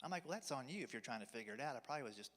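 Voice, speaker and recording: Folksy comedian in an echoing hall. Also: male voice, mid-range voice, lively intonation, rapid-fire, fairly bright tone. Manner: folksy, drawling storyteller. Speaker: stand-up comedian. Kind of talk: stand-up routine. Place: church hall, live audience. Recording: reverberant hall.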